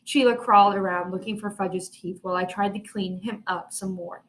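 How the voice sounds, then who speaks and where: A woman teacher greeting her pupils and reading a chapter book aloud, gentle and encouraging, recorded at home. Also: mid-range voice, steady tone, moderate pace, a little hiss or hum. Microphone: home video recording.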